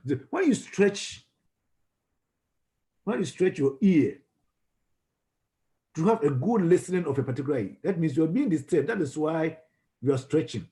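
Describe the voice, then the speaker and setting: A man's voice: fairly high pitch, lively intonation, normal speed, pauses often, mellow. Ghanaian man lecturing with many restarts. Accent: Ghanaian English. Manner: repeats words and restarts, asks the class questions. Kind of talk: classroom lecture on communication.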